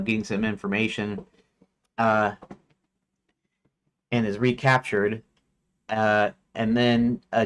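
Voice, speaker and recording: A man who develops games, thinking aloud on a livestream and reading his story notes, hesitant and self-questioning. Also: on the low side. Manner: hesitant, many fillers and restarts, self-questioning. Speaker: game developer streamer.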